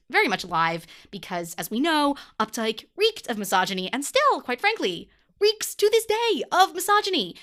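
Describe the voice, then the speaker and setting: A woman's voice: on the high side, a bit bright. A young adult woman hosting a podcast, delivering a wry, emphatic monologue. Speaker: podcast host.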